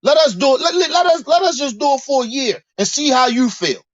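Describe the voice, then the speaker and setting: A man's voice: very high voice, a little fast, dry recording, muffled recording. A man delivering a heated, profane monologue rant, preaching and repeating himself as he builds his points. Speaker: commentator.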